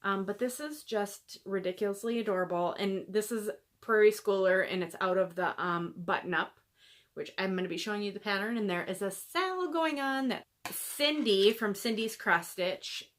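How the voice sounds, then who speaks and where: A woman's voice: medium pitch, a bit bright. Chatty woman gushing over stitched gifts. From American Midwest. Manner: gushing, chatty, many fillers, drops to near-whispers. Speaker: Flosstube host showing gifts. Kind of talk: casual chat to camera.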